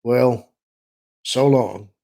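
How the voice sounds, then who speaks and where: Blunt, wry starship pilot, voiced by a male reader; dry sarcasm, gravelly edge. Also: medium pitch, very slow, mellow.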